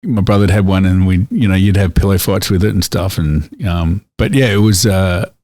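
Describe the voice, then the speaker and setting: A middle-aged man with a very deep voice, chatting casually as a podcast co-host. He rambles through stories and laughs often, and the recording is dry and close. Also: moderate pace, a little mellow, no echo. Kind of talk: casual nostalgic chat.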